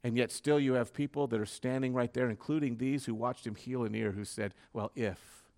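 A man preaching a sermon with fervor, dropping to a hush and then rising to loud, dramatic peaks. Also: medium pitch, fairly even intonation, fairly quick. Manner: dramatic preaching, swinging from hushed to loud, fervent.

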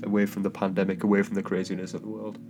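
On his solo podcast, an English man with a fairly low pitch and little variation in tone talks very fast. His travel story is casual and rambling, full of fillers, restarts and laughing asides, and a home microphone picks him up over soft guitar bedding music.

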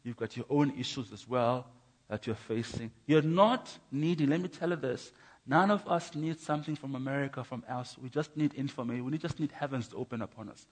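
A man's voice: medium pitch, fairly quick. A man preaching his testimony in a church, emphatic, with rhythmic contrasts and stammering repeats. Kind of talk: sermon.

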